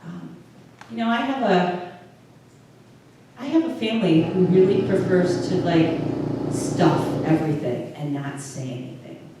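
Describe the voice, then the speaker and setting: A woman's voice: on the low side, unhurried, pauses often, mellow. A woman pastor giving a conversational sermon, often stopping and restarting her phrases. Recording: distant mic in a very echoey room with faint noise.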